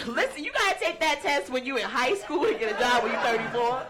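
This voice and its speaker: A woman's voice: sits high, fast, hardly any pauses, heavy background noise. A young woman doing a brash, profane stand-up set, teasing the crowd. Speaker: stand-up comedian. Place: comedy stage before a live audience. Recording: live stage mic with crowd laughter.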